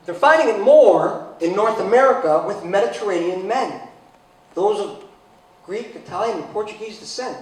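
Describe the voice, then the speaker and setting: A man in his forties giving a humorous personal talk, telling a story in a sarcastic way, with sudden loud exclamations. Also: high-pitched, lively intonation, moderate pace. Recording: very echoey hall from far off.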